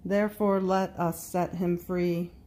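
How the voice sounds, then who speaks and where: A woman voicing Pilate, a wavering Roman governor, as he questions and pleads in a slow, measured way. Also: on the low side, little pitch movement, mellow, close to an everyday voice. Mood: pleading.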